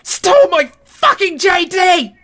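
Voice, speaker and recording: A woman voicing a drunk young woman who screeches in fury, loud and high. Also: sing-song, slow, heavily acted. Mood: screeching rage. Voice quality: shrill screaming.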